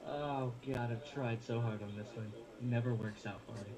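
A young man speaking with a put-on Russian accent, trading deadpan jokes as a guest in a casual chat. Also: mid-range voice, normal speed, crowd noise. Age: young adult.

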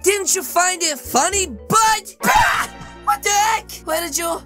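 Woman gamer, very high and bright voice, loud and excitable over faint music. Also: measured pace. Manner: loud, excitable, frequent laughing and shouting. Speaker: gaming YouTuber. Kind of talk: comedic role-play commentary over gameplay.

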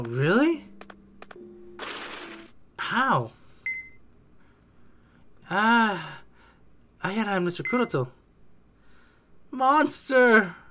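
An excitable gamer joking and exclaiming while reacting to a game's death scenes. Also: medium pitch. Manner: excitable, jokey, exclaims often and mimics characters. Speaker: reaction video creator. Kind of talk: casual game reaction commentary.

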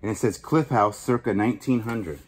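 A man's voice: fairly low pitch, moderate pace, noisy background. A man hosting a vlog, chatting casually and joking while he sorts through a storage unit. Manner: chatty, jokey, thinking out loud. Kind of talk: casual chat to camera.

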